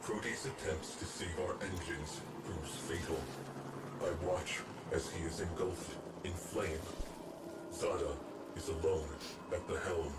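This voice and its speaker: A man voicing a game's narrator and ship announcer, speaking slowly and deliberately in a measured tone. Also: deep voice, recorded from a distance. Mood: grim. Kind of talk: game voice acting. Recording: roomy game audio mixed under noisy gameplay.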